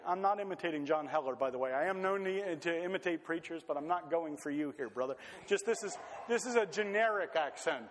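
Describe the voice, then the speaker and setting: A man preaching a sermon in a lively, conversational way, full of rhetorical questions. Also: on the high side, a little fast, hardly any pauses. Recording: long hall reverb.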